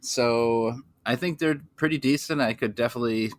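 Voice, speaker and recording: A man's voice: mid-range voice, moderate pace, dry recording. A man co-hosting a casual snack-tasting podcast, easygoing with short asides. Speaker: podcast co-host, snack taster. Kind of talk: casual comedic chat.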